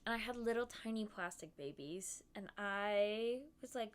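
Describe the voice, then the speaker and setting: A woman's voice: mid-range voice, moderate pace, hardly any pauses, clear, resonant tone. A woman streamer chatting casually about her trip while showing photos, bubbly and giggly with lots of "um" and "like".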